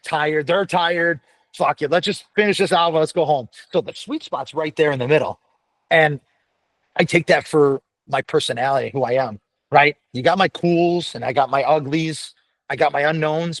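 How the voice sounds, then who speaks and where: On a dry recording, a man with a fairly high voice appears as a guest on a casual podcast interview. The American firefighter paramedic is blunt and profane, and his talk rambles with lots of restarts.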